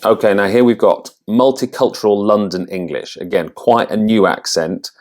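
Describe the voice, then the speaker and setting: A man with a deep, low voice talks through a quiz in a relaxed, casual way. He is an accent coach, and he thinks aloud, often stopping and starting over mid-sentence. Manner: thinking aloud, halting restarts.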